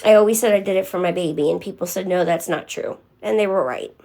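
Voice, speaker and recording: A woman's voice: on the low side, fast talker, dark tone. A young woman talking candidly on a live stream, answering viewers by name in casual chat.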